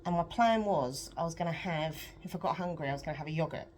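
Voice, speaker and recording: A young adult British woman chatting in a rambling, self-deprecating way on a home vlog, her voice a bit croaky, laughing often. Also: sits low, fast talker, a little mellow, a little hiss or hum. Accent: British English. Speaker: vlogger. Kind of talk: casual confessional vlog chat.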